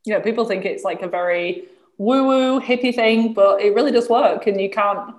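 A woman's voice: mid-range voice, normal speed, a little mellow. Woman host in an echoey room. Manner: friendly, agreeing, asks questions. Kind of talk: casual interview talk.

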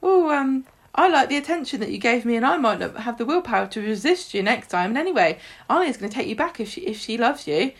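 A woman's voice: on the high side, lively intonation, quick pace, pitched above the performer's own voice. Woman putting on a coy, self-adoring young soap villainess.

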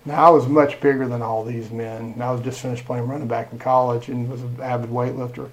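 A middle-aged man, a school superintendent telling lively stories in a podcast interview. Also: medium pitch, a little fast, rough recording. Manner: animated storyteller, acts out quoted dialogue.

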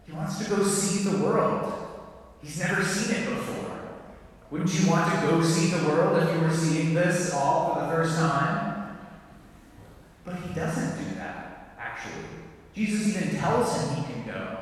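A man preaching a sermon in a measured way, asking his listeners direct questions. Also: on the high side. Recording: echoey hall, voice from a far mic.

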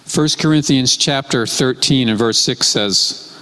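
A man preaching a sermon in a measured way, repeating his key phrases. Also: mid-range voice, bright, forceful tone. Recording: long hall reverb.

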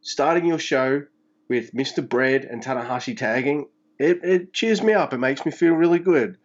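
A man co-hosting a casual podcast, talking fast and animated with plenty of swearing. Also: medium pitch, muffled recording. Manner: animated, swearing, mock-voices for quotes. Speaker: podcast co-host. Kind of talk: casual wrestling chat.

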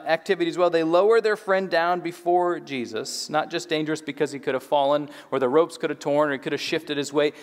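A man with a high-pitched voice delivers a Sunday sermon as the church's pastor, moving between scripture reading and relaxed, joking asides. The sound carries the long reverb of a church hall. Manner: conversational with playful asides.

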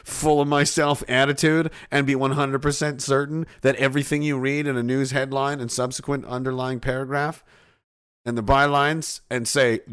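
A man's voice: mid-range voice, level tone, normal speed, fairly bright tone, clean tone. A male podcast host chatting casually on a livestream, sarcastic and profane, often laughing at his own jokes.

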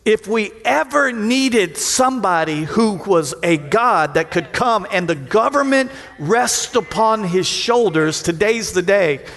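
A middle-aged man preaches a sermon in a high-pitched voice. He calls on his congregation for responses and slips into quoted voices with shouts. The sound rings through a large hall with long reverb. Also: animated, slow, few pauses. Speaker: pastor.

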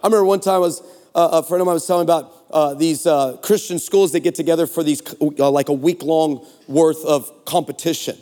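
A man in his forties delivers a comedic sermon, his voice sitting high and lively. He tells his stories with sarcasm and playful energy. The sound rings out through a large church hall with a long echo. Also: a little fast. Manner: animated, sarcastic, joking. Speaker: guest preacher.

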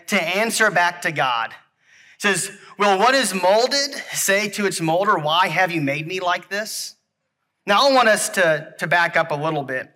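Earnest preacher with a bright voice. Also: male voice, on the high side. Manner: earnest, halting, repeats himself; talks to children in the congregation. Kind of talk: sermon with object lesson.

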